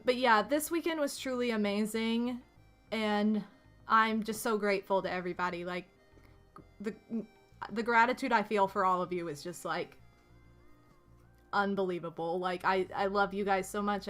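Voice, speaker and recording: Bubbly bright-voiced young woman streamer. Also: mid-range voice, normal speed, faint music behind. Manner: gushing and excitable, many "like"s and restarts. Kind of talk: casual stream chat.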